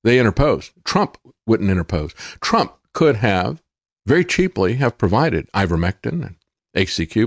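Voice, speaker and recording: A man's voice: fairly low pitch, dry recording. Guy ranting on his talk show, sarcastic, voice jumps all over, dry mic. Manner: indignant, sarcastic, many fillers and restarts. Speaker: political talk show host. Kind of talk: opinionated commentary monologue.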